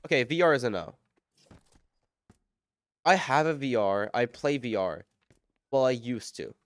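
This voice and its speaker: A man's voice: mid-range voice, expressive, a little slow, dry recording. A man streaming a game live, chatting casually and rambling as he answers viewers' chat while he plays.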